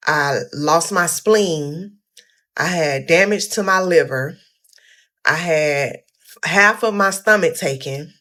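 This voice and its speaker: A young woman telling her own story casually, animated and talking straight to her viewers. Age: young adult. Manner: animated, addresses viewers as y'all, quotes people in a higher voice.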